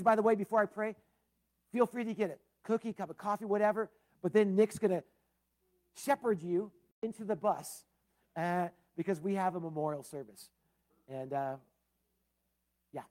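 Delivering a sermon, a male pastor alternates between booming emphasis and quiet, low passages, slipping in casual words like "man" and "uh" along the way.

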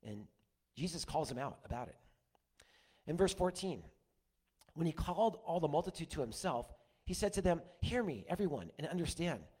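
A man's voice: fairly high pitch, expressive, moderate pace, pauses often, mellow, slightly rough. An older man preaching a conversational sermon, mixing scripture with folksy stories from his week. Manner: folksy storytelling with asides. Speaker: pastor.

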